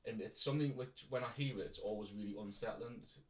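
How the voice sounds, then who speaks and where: A man from North East England, his accent somewhere between Newcastle and Durham, co-hosts a podcast in a casual, jokey chat full of laughter. His voice is fairly low and fast. They share a distant mic in an echoey room at home.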